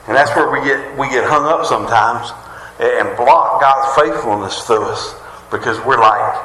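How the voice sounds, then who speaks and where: Folksy preacher in an echoing hall. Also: male voice, mid-range voice, moderate pace, bright, forceful tone. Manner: folksy, conversational preaching with jokes and rhetorical questions. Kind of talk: sermon. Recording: roomy hall reverb.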